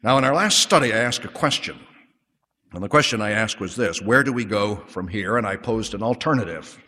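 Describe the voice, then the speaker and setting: A man preaching a sermon with measured, emphatic delivery, slowing to stress key words. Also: fairly low pitch, animated, big-room sound. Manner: measured emphatic preaching, drops to soft prayer.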